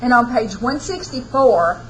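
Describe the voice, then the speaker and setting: Lady teaching class, kinda high voice, acts out the lines casual and folksy. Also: lively intonation, measured pace, noisy background. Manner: folksy storytelling, acts out quotes in casual speech. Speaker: college literature instructor. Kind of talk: lecture retelling a story.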